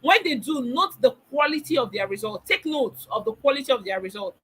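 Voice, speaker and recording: A woman's voice: sits high, animated, a little fast, fairly bright tone, breathy edge, rough recording. A middle-aged woman teaching a parenting webinar, emphatic, repeating key phrases and asking rhetorical questions. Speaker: parenting coach.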